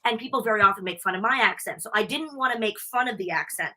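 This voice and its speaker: A young American woman on a live interview podcast, chatting in a bubbly, animated, talkative way. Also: mid-range voice, quick pace. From United States. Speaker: wrestling interviewer and guest. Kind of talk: casual live interview chat.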